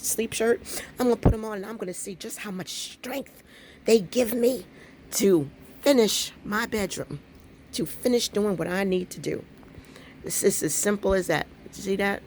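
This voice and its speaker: A woman's voice: medium pitch, a little mellow, a little hiss or hum. A middle-aged woman, telling a story to her viewers at home with lots of laughter and y'all. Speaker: craft vlogger. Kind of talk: casual chat to camera.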